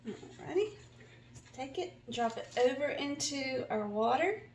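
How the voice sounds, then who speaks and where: A woman's voice: high-pitched, lively intonation, unhurried, roomy sound, a little hiss or hum, poor audio. A woman with a Southern US accent hosting a cooking vlog, chatty and folksy as she walks through a recipe in her home kitchen. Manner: chatty, folksy, self-deprecating. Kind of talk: casual cooking tutorial.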